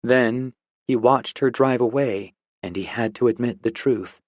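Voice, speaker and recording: A man narrating a novel for an audiobook, reading slowly and deliberately. His pitch is mid-range and the sound is dry but slightly dull and muffled. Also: dry recording. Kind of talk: scripted narration.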